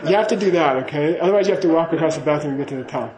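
A man's voice: on the high side, racing, reverberant, crowd noise, rough recording. A man giving a casual spoken teaching to a class, chatty and laughing, often checking in with "okay?". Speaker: Buddhist teacher.

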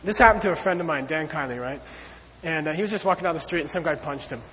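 A man teaching a lecture on Buddhist ideas, talking in an animated, conversational way and checking in often with "okay?" and "you know.". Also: fairly high pitch, quick pace. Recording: long hall reverb.

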